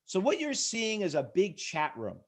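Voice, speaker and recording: A middle-aged man runs a live trading webinar in a slightly high voice. He pushes hard with rhetorical questions, calls on viewers by name and keeps pressing for a yes. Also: huge pitch swings, moderate pace. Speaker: trading instructor. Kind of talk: live webinar sales pitch.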